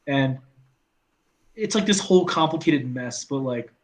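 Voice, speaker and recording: A young man speaks at a middle pitch as a guest on a casual chat show. He talks in a laid-back way and scatters "like" through his sentences. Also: animated, measured pace, a little mellow. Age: young adult. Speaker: guest actor.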